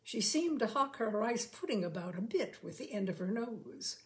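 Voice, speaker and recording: A woman reading a literary short story aloud in a measured, unhurried way. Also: mid-range voice, expressive. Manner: slow, measured delivery, lifting her voice for quoted lines.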